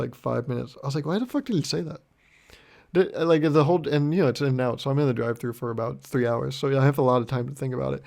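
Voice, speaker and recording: Gravelly young man telling rambling stories. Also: mid-range voice. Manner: deadpan, rambling, swears a lot, acts out both sides of conversations. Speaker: podcast host. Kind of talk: solo comedic storytelling podcast.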